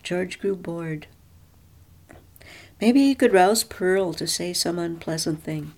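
A woman reads a story aloud in a measured, even storyteller's manner. Her narration moves steadily between the spoken lines. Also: on the low side.

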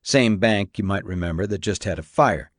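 A man playing a federal agent who speaks in a measured, official way. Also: low voice, no room sound, clean studio sound, natural voice. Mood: guarded. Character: guarded male federal agent, cool and businesslike.

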